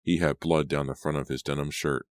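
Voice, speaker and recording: A man narrating an audiobook in a steady, measured reading style. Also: rumbling low, no room sound, clean studio sound. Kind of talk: scripted storybook narration.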